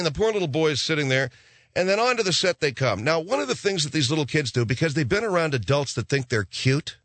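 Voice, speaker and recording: A man's voice: a little high, expressive, quick pace, fairly bright tone, no echo. A middle-aged man telling a profane, sarcastic, rambling comic story. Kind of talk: ranting comic monologue.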